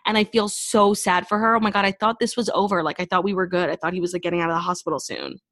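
A woman's voice: fairly low pitch, fairly even intonation, quick pace, fairly bright tone. A woman co-hosting a casual pop-culture podcast, chatting with many "like"s. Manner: talkative, says "like" a lot. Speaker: podcast co-host.

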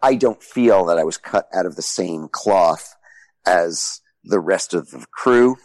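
Low, mellow-voiced man telling stories. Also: lively intonation, measured pace, poor audio. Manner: rambling, lots of "you know" fillers. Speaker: guest, former TV host. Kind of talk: casual anecdote telling.

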